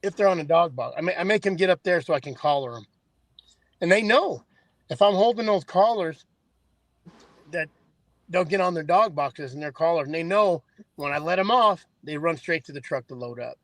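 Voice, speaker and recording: A man's voice: on the high side, lively intonation, normal speed, fairly bright tone, no echo. A man in a casual chat, telling loose, rambling stories.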